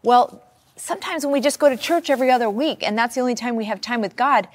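A woman preaching a sermon, reading scripture and talking it through in a conversational, animated teaching manner. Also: on the high side, quick pace.

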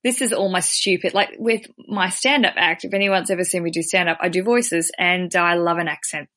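An Australian woman hosting a podcast in casual, chatty talk, animated and quick to poke fun at herself. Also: lowish voice. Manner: chatty, animated, self-deprecating. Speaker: podcast host.

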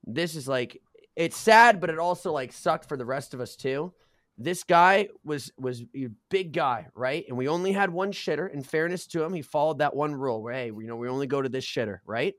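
Young dude on a podcast, kinda high voice, swears a ton, says bro a lot. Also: male voice, moderate pace, a bit bright, no room sound, clean studio sound. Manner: profane, slangy, says dude and bro constantly. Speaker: podcast co-host. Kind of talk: casual storytelling.

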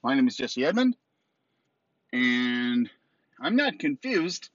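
A man's voice: mid-range voice, big pitch swings, takes it slowly, no echo. A man hosting his own podcast, talking casually and rambling with many ums and restarts. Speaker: podcast host. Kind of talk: casual solo podcast talk. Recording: dull, dry recording.

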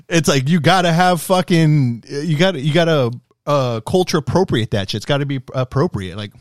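A man in casual, profane podcast talk, ranting in an animated way and swearing often. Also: a little high, moderate pace, dry recording, clean studio sound. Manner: animated, swearing, rising to shouts when worked up. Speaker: podcast co-host.

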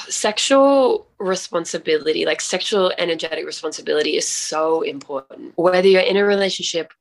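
A woman's voice: fairly low pitch, moderate pace. Earnest Australian woman sharing openly. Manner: earnest, open personal storytelling. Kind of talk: casual podcast chat.

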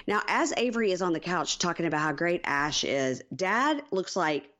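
A woman's voice: low-pitched, animated, normal speed, few pauses, a bit bright. A woman co-hosting a podcast in casual recap chat, wry, acting out quotes with exaggerated voices. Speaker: podcast co-host.

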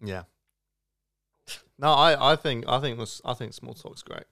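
A man's voice: mid-range voice, lively intonation, unhurried, creaky, pushed and bright. A young British man co-hosting a podcast, chatting casually and laid-back, often trailing off mid-sentence. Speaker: podcast co-host. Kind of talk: casual chat.

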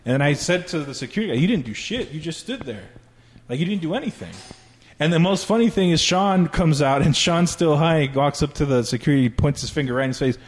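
Man, casual profane storyteller, slightly high voice, animated. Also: fairly quick. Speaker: comedian telling a story. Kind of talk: casual podcast chat.

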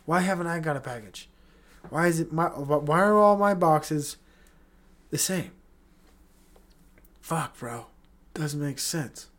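A man's voice: on the high side, slow, long pauses. A man hosting his own podcast, rambling in a casual solo rant with lots of swearing, restarts and incredulous questions. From Utah. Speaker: podcast host.

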